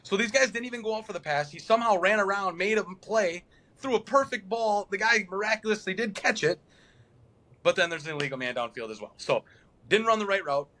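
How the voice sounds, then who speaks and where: A young man chatting football with friends on a podcast, rambling and animated. His voice is bright and sits a little high. He lapses into a flat mumble to mimic players. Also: a little fast. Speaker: podcast co-host. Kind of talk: casual sports chat.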